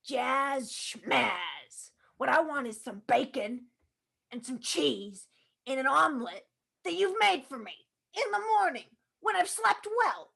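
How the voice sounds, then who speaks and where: A woman's voice: high voice, sing-song, slow, gravelly, fairly bright tone, slightly rough, exaggerated voice. A woman playing a stern, demanding mother who scolds her grown child in an improv comedy scene, blunt and unimpressed.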